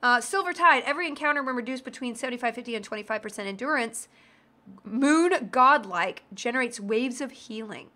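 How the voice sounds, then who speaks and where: Woman streamer, bright high voice, bubbly jokey live game chatter. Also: animated, a little fast. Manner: bubbly, joking, irreverent. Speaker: streamer playing a role-playing game. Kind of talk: casual livestream commentary, reading chat.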